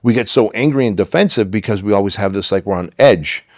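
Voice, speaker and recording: Middle-aged guy on a podcast, low voice, dry close mic, tells it with lots of feeling and a few swears. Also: quick pace, a little mellow, dry recording. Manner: emphatic, swears, acts out dialogue. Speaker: podcast guest. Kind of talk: candid storytelling interview.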